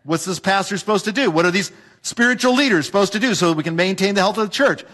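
A man preaches to his congregation in a church, his voice sitting a little high. He hammers his points with repetition and rhetorical questions. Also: fast talker, fairly bright tone. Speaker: pastor. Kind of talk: sermon.

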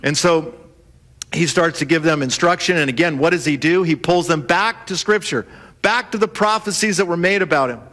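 A man preaching a sermon, telling the story in a lively way and acting out the voices of the people in it. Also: on the high side, normal speed. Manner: animated storytelling, acts out voices of the disciples. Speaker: pastor.

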